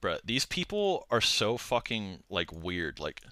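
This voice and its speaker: A young man talks in a loose, rambling way on a live stream, piling on filler words and slang. His voice is bright and forward. The sound is dry and close, with almost no room around it. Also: lowish voice, wildly swooping pitch, unhurried, no echo. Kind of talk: casual livestream rant.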